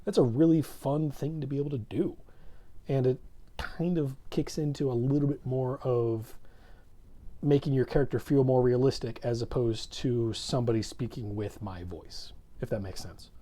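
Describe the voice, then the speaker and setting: A man's voice: mid-range voice, steady tone, moderate pace, mellow. A man co-hosting a casual tabletop gaming chat, rambling and correcting himself mid-sentence with many false starts. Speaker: co-host. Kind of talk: casual podcast chat about tabletop role-playing.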